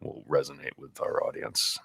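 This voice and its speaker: Very low-voiced man telling a story. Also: moderate pace, creaky, slightly rough, dry recording. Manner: animated, acts out quotes in a high voice. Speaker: podcast co-host. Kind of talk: casual storytelling chat.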